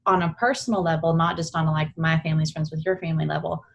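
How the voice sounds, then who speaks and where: Lower-voiced woman telling a rambling story. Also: flat delivery, fast, creaky, noisy background. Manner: rambling, self-correcting storyteller. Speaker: podcast guest. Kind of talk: casual podcast chat.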